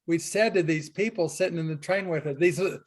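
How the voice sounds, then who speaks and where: A man teaching a Spanish class over a video call, encouraging and telling stories with quick asides. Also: on the high side.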